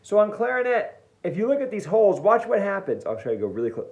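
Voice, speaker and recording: A man's voice: sits high, very animated, quick pace, a little mellow. A man teaching an online music lesson, playful and jokey as he demonstrates each step. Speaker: band teacher. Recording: echoey room, dull lo-fi sound.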